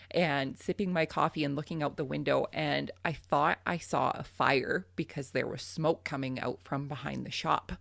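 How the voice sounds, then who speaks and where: A woman telling a farm story as a guest on a casual podcast chat, animated and laughing often between her fillers. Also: deep voice, gravelly, dry recording, clean studio sound. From Canada.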